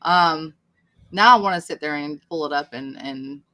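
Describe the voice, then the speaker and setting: A woman's voice: deep voice, normal speed, sharp tone. A woman chatting casually on a livestream, rambling and poking fun at herself. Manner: rambling, chatty, self-deprecating. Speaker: livestream host.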